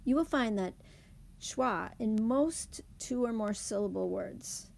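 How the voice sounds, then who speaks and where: A woman teacher explaining speech sounds in a phonics lesson, saying example words slowly and clearly. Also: on the high side, animated, a little mellow. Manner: clear, deliberate demonstration of words.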